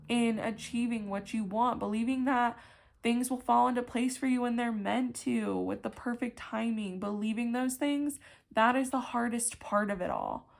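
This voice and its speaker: A woman's voice: on the high side, gravelly. A young woman giving a casual pick-a-card tarot reading, chatty and emphatic, full of "like" and casual swearing.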